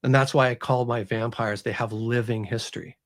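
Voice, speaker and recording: Animated man retelling his story. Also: medium pitch, fairly quick. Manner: animated, acts out scenes, many fillers like "you know". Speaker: author, interview guest. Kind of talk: casual storytelling in an interview.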